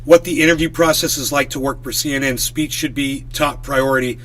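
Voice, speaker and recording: A man's voice: mid-range voice, fairly even intonation, a little fast, fairly bright tone. A man hosting a live stream, ranting in a worked-up, swearing, casual way. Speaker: livestream host.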